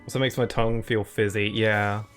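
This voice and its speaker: A man's voice: lowish voice, little pitch movement, moderate pace, fairly bright tone. A man giving rambling, chatty live-stream commentary while he plays, often laughing at himself. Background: faint game music.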